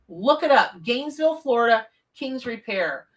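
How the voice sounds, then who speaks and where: A woman's voice: mid-range voice, animated, moderate pace, pushed and bright, far from the mic. A woman, live-streaming a tarot reading from her home office, chatty and effusive as she greets viewers. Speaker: tarot reader on a livestream.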